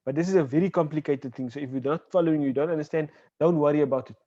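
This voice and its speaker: A man teaching an online Arabic class. He explains patiently, checks in with "right?" and says example words slowly. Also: fairly high pitch, mellow, dry recording. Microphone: video call. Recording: dull, dry online call audio.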